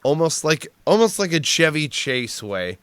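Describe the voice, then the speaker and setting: A man spins loose, profane service stories, laughing often and restarting his sentences. His voice comes through smooth and resonant, and the recording is dry and close, with no room sound. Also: on the high side, big pitch swings, moderate pace, fairly bright tone, dry recording. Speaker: podcast guest, Marine veteran. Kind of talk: casual storytelling chat.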